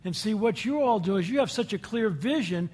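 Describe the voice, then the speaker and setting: A man with a notably high voice delivers an inspirational talk before a live audience. He speaks in a folksy, storytelling way, breaking off to ask his listeners questions. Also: animated, a little fast, a little mellow, slightly rough. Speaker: guest speaker addressing a group.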